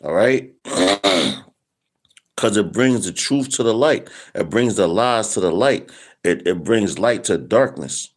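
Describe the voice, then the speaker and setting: A man's voice: fairly low pitch, lively intonation. Slangy rambling man preaching scripture. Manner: loose, rambling, slangy, reads scripture slowly. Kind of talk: casual street-style Bible teaching.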